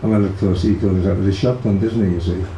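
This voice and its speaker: A man's voice: low-pitched, steady tone, quick pace, mellow, faint music behind. An older man with a Liverpool accent, casually reminiscing about his brother in an interview, rambling with many fillers and restarts. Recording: echoey room, faint background hiss.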